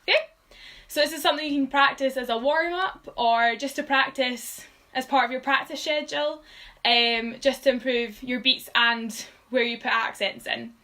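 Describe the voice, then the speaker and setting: A woman's voice: high-pitched, steady tone, moderate pace, sharp tone, low-quality recording. Patient woman teaching drum rudiments. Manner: patient, counts beats aloud, frequent ums. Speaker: drum tutor. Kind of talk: live-streamed drumming lesson.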